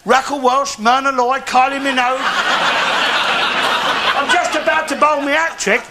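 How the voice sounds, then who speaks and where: A foul-mouthed, boastful old Cockney bigot on a live TV stage. He rants in a sharply high, strained voice, swearing freely. The recording is full of heavy noise and clicks. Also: fairly even intonation, normal speed. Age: older. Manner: ranting, swearing, crude bragging. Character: bigoted boastful old working-class Londoner. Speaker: comic character monologue. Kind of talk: stand-up monologue in character. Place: TV studio before live audience.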